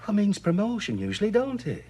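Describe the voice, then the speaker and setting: A man's voice: sits high, wildly swooping pitch, fairly quick, warm tone, breathy edge, exaggerated voice. An actor playing a jokey, chatty man courting a woman in a television soap, cajoling and cheerful. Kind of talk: 1980s television soap acting.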